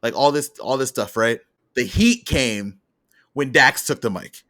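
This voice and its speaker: Bright-voiced man recapping wrestling casually. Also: medium pitch, expressive, a little slow. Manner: rambling storyteller, acts out quotes from the show. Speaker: podcast co-host.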